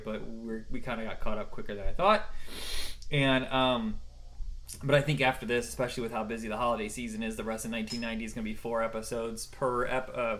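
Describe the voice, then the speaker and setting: A man's voice: medium pitch, fairly bright tone. A man hosting a podcast in casual chat, joking, laughing often and swearing freely. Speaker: podcast host.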